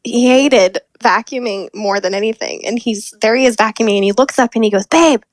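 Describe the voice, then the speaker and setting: A woman guest telling a personal story in an interview, animated and often laughing as she talks. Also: a little high, brisk, no room sound.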